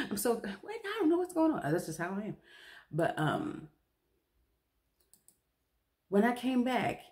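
A woman's voice: fairly high pitch, wildly swooping pitch, a little slow, pauses often, darkish tone. A young woman vlogger chatting casually to the camera, chatty and self-mocking, laughing often.

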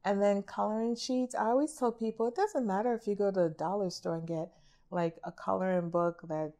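A woman's voice: medium pitch, fairly quick, warm tone. A middle-aged woman, an art therapist, talking casually in a podcast interview and acting out quoted remarks. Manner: chatty, acts out quoted remarks.

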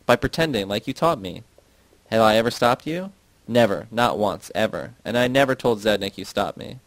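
Man reading as a soft-spoken young daughter. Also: lowish voice, animated, normal speed, no room sound. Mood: pleading. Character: tearful, devoted young daughter.

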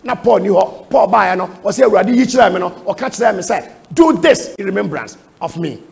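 A male preacher with a Ghanaian accent answers questions at a church seminar. His voice sits high with a gravelly, creaky texture, and he drives points home emphatically with rhetorical questions. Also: expressive, brisk. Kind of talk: seminar teaching in Twi and English.

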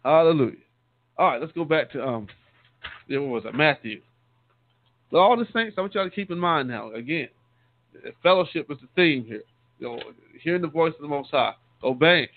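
Higher-voiced deacon preaching over a tinny line. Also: male voice, lively intonation, normal speed, long pauses, no room sound. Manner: repeats and restarts words, calls listeners "saints". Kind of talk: conversational sermon teaching. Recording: tinny phone-line sound, dry.

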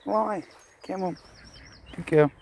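A man chatting to his dog on a park walk, filming on a phone outdoors, talking casually and breaking into excitable bursts. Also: sits high, takes it slowly, gravelly. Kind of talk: casual vlog narration. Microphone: phone camera mic. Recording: noisy outdoor phone recording. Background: birds and ducks, outdoor ambience.

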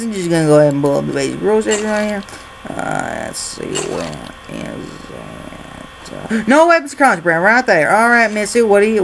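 A gamer putting on a Texan accent to play a loud, swaggering male border guard in a video game playthrough. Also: mid-range voice, vocal fry, a little hiss or hum, voice pushed up. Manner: drawling, bossy, shouty. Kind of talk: let's-play commentary with put-on voices.

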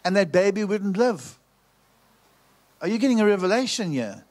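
A man's voice: sits high, sing-song, normal speed, darkish tone. A man preaching, telling a story and repeating phrases for emphasis. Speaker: pastor. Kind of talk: preaching sermon.

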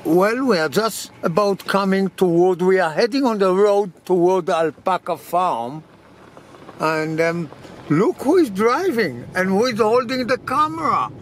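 Man, travel companion, high pitched, unhurried and hesitant in casual vlog banter. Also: animated, slight background noise. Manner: hesitant, halting restarts. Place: in a car, then a desert cabin.

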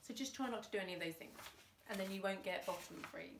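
Animated woman teacher reading aloud, roomy. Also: medium pitch, quick pace, gravelly, background noise. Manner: animated, chatty asides. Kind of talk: children's book read aloud. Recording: roomy room, distant mic.

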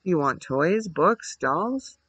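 Gloomy weary gentleman, read by a man. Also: fairly high pitch, lively intonation, breathy edge, heavily acted, low-quality recording. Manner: fretful, distracted, halting.

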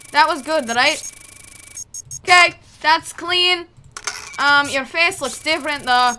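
A woman's voice: sits high, bright, forceful tone, slight background noise. A young woman giving chatty, joking let's play commentary while she plays, talking to the characters on screen. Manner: chatty, jokey, talks to game characters. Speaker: gaming YouTuber.

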